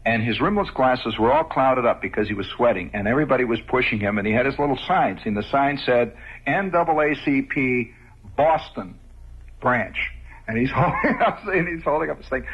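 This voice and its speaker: A man's voice: medium pitch, expressive, a little fast, slightly rough. A man telling a rambling story on radio, chuckling as he goes. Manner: rambling, conversational, chuckling asides. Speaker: radio host. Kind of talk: storytelling monologue. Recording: dull lo-fi old radio recording.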